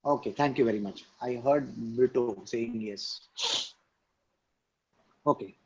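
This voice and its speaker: Over an online video call, a spiritual teacher with a medium-pitched voice gives a slow, emphatic scripture discourse. He repeats key lines and poses questions to his listeners. The audio is dull, with slight background noise.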